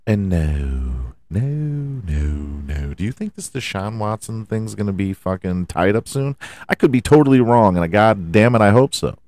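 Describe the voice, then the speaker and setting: A man's voice: on the low side, animated, moderate pace, darkish tone, no room sound. A man hosting a podcast, ranting about his football team in a heated, profane way and firing off rhetorical questions. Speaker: podcast host. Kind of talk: profane sports rant.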